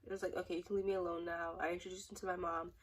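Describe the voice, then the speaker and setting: A woman's voice: fairly low pitch, level tone, very fast, recorded from a distance, poor audio. A young woman in a casual storytime vlog, rambling and chatty with many fillers. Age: young adult. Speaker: vlogger.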